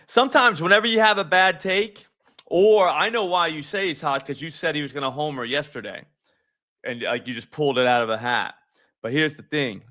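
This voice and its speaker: A man's voice: a little high, bright, forceful tone. A man hosting a live sports betting stream, chatting loosely and profanely with viewers. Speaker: sports betting show host. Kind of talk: casual live-stream chat.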